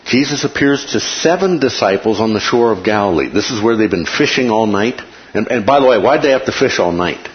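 Guy running a bible study talk, deep-ish voice, swings up and down a lot, kinda muffled. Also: fairly quick. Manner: animated, laughs often, acts out quotes. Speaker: host of a Bible discussion. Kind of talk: casual Bible study chat. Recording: dull lo-fi room recording with noise.

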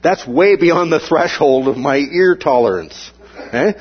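A man with a husky, slightly breathy voice teaches a Bible lesson in an animated way. He keeps asking his listeners "okay?" to check they follow. The recording is dull and lo-fi, with little top end. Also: fairly high pitch, measured pace.

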